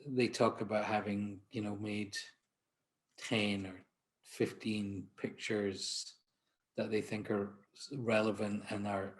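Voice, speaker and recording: A Scottish man from Glasgow with a Glaswegian accent and a somewhat low-pitched voice gives an anecdotal presentation about his portrait work. He talks in a chatty, self-deprecating way, often restarting his sentences. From Glasgow, Scotland. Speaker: portrait photographer giving a conference talk.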